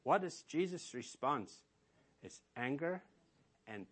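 A man's voice: fairly high pitch, expressive, normal speed, fairly bright tone, slightly rough. A man preaching a sermon as pastor, emphatic and asking rhetorical questions of his listeners.

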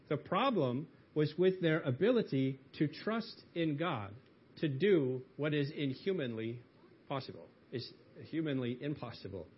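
A man's voice: on the high side, husky. A man preaching a sermon in an earnest way, lifting his voice into emphatic pleas as he quotes. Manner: earnest, rising to emphatic pleas when quoting. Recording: dull lo-fi audio.

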